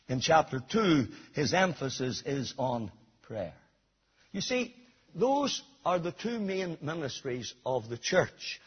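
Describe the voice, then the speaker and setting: A man preaching a sermon, emphatic, swinging from near shouts to a low, quiet delivery. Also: breathy edge. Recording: dull lo-fi recording.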